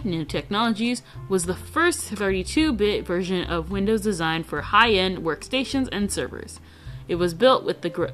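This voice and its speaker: Woman, streamer, lowish voice, reads textbook aloud, frequent slips and restarts, faint guitar music. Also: fairly bright tone. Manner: stumbling over words and correcting herself.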